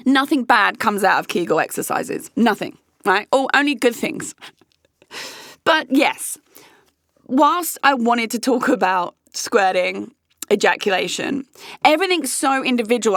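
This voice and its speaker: Woman, 30s, vlog host; candid, chatty, swears freely; slightly high voice, dry close sound. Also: fairly bright tone, dry recording. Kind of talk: candid casual chat.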